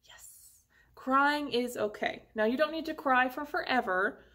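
A woman music teacher leading an online lesson for young children, talking slowly and encouragingly and singing short phrases with an instrument. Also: sits high, bright, forceful tone.

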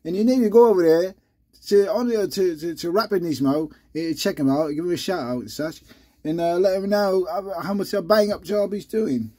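A man's voice: sits high, warm tone, pitched above the performer's own voice. A man putting on a chatty British guy. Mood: upbeat. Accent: put-on British. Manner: chatty, loose and halting. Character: man doing a British accent bit.

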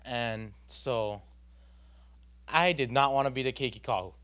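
A man's voice: mid-range voice, unhurried, a bit bright, clear, resonant tone. A young man, giving an earnest, rambling personal testimony at a church youth gathering, full of fillers and restarts.

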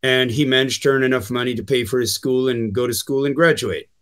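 A man's voice: medium pitch, steady tone, a little fast, fairly bright tone, clear, resonant tone. A Canadian man talking casually as a guest on a call, with many fillers and restarts. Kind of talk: casual chat.

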